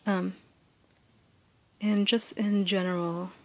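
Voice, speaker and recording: A woman giving a casual spoken lesson, thinking aloud with many ums and uhs and reading poem lines slowly and deliberately. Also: medium pitch, level tone, a little mellow, low-quality recording. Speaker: teacher explaining close reading.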